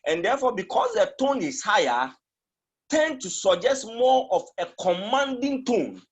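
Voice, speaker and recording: A man's voice: high voice, sing-song, measured pace, breathy edge. A man giving a teaching talk on marriage, emphatic and repetitive, acting out different tones of voice as examples. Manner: emphatic, repeats phrases and demonstrates tones of voice. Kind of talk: teaching talk, switching between languages.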